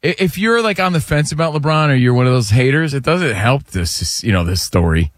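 Man, sports radio co-host, playful joking banter, mid pitch, dry close studio sound. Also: expressive, dry recording. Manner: quick, jokey and playful. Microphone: studio microphone.

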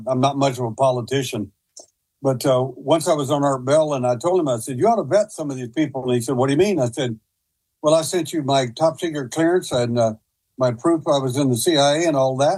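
A man talking as a guest on a talk show, his voice husky and a little breathy. He tells long stories in a rambling way, stopping and starting often. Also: medium pitch, darkish tone, low-quality recording. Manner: rambling, hesitant, with many restarts. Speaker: guest investigator. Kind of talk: casual storytelling.

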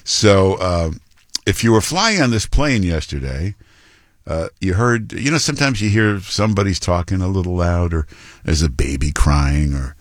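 Blunt low-voiced talk radio host. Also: male voice, lively intonation, normal speed, no room sound, studio quality. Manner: blunt, mocking, many fillers.

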